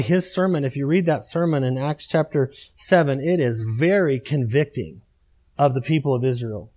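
High-voiced emphatic male pastor preaching. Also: mellow. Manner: emphatic, repetitive preaching cadence. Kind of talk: sermon.

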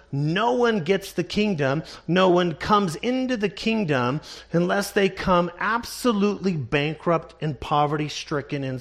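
A man preaching a sermon in a measured, emphatic way, slowing down to stress key words. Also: a little high.

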